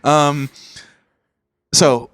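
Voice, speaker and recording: A man co-hosting a podcast in casual chat, jokey and quick to laugh. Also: fairly high pitch, fairly even intonation, a bit bright, clean tone, no echo. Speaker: podcast co-host.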